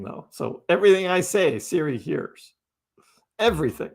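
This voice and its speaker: A man hosts a live crypto stream, chatting casually and answering viewers' messages as he reads them. His slightly high voice is expressive, creaky and husky, moving at a moderate pace.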